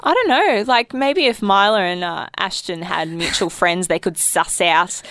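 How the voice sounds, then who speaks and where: A young woman co-hosting a casual podcast, talking in a measured, reflective way with dry humour. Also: lowish voice, a bit bright, no echo. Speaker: podcast co-host. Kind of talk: casual chat.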